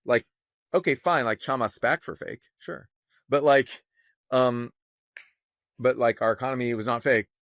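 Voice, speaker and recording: A man co-hosting a casual podcast on economics, talking in an animated, sarcastic way and swearing freely. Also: mid-range voice, normal speed, pauses often, dry recording, clean studio sound. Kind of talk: casual opinionated chat.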